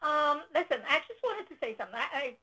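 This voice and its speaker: A woman's voice: high-pitched, big pitch swings, fairly quick, bright, forceful tone, rough recording. A woman in her sixties calling into a show, earnest and rambling as she talks. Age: 60s. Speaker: caller. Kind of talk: phone-in call.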